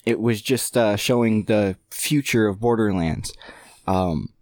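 A man co-hosting a casual gaming podcast, speaking hesitantly with many pauses. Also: fairly low pitch, darkish tone, dry recording, clean studio sound. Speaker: podcast co-host.

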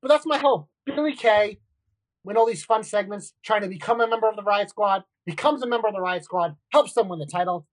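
A woman co-hosting a casual wrestling podcast, animated and blunt, with quick asides and casual swearing. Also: mid-range voice, no echo, low-quality recording. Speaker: podcast co-host.

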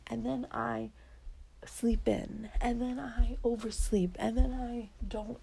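A young woman with a mellow, slightly gravelly voice speaks earnestly to camera about her personal goals. She keeps slipping into a half-whisper, repeating affirmations to herself, with a faint hiss of background noise underneath. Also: fairly high pitch, little pitch movement, takes it slowly, rough recording. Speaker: vlogger. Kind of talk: personal goal-setting talk to camera.

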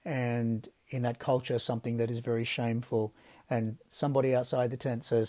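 A man hosting a devotional podcast, speaking in a gentle, reflective way that often drops to soft, quiet phrasing. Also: mid-range voice, flat delivery, moderate pace. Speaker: podcast host.

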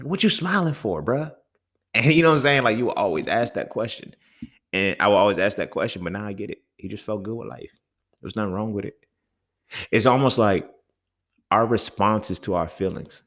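Deep-voiced man ranting on a podcast. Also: fairly bright tone. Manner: profane, heated, conversational, keeps asking "you feel me". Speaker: podcast host. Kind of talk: casual solo podcast monologue.

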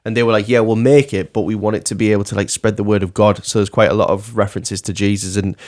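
A man's voice: lowish voice, little pitch movement, fast, darkish tone. A man hosting a casual podcast, jokingly running a film trivia quiz and laughing often. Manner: jokey, laughs often, quizzes the others. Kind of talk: casual chat.

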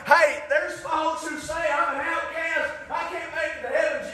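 A man preaching a fiery revival sermon, shouting at his peaks, then dropping low for emphasis, with folksy grammar. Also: fairly even intonation, measured pace, hardly any pauses. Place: church. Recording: very echoey church hall.

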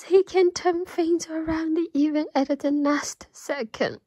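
A woman's voice: very high-pitched, takes it slowly, hardly any pauses, no room sound, poor audio. A woman giving an emotional religious testimony and prayer, tearful and pleading, often dropping to a whisper. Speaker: Christian believer giving testimony.

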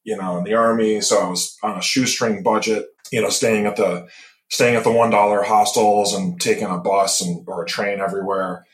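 A man in his fifties from Michigan, USA, appears as a tropical medicine specialist in a casual interview chat. He has a low voice and tells stories in a relaxed, rambling way, with many pauses and restarts. The room has a noticeable echo.

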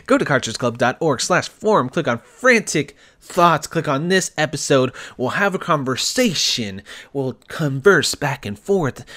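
A young man hosting a solo podcast, excitable and ranting, swearing often and laughing between lines. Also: mid-range voice. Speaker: podcast host.

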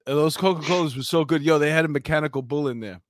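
A man's voice: fairly high pitch, fast, no room sound, clean studio sound. A man, a former police officer co-hosting a casual chat and telling stories with laughs. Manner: animated storyteller, laughs through his anecdotes.

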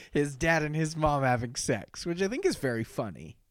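A man's voice: on the high side, big pitch swings, normal speed, no echo, studio quality. A young man co-hosting a podcast, chatting casually and animatedly with lots of fillers and laughs. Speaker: podcast co-host. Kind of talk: casual chat.

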